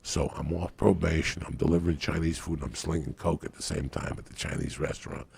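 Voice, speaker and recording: A man's voice: very deep voice, fairly even intonation, fast, vocal fry, husky. A man telling a raunchy story on a podcast in a brash, profane way. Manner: brash, profane, builds to laughing shouts.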